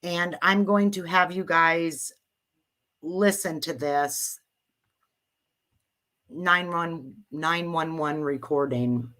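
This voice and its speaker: Female host, low voice, unhurried chatty delivery, live-stream talk. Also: a bit bright. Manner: chatty, distracted by tech troubles. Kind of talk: casual livestream narration.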